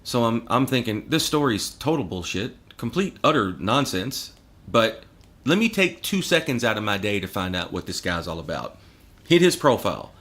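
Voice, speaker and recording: A man spins stories as a podcast guest in a sarcastic, profane rant. His pitch leaps around expressively. His tone is bright and forceful, and laughter keeps breaking into his telling. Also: big pitch swings, normal speed. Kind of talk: casual podcast storytelling.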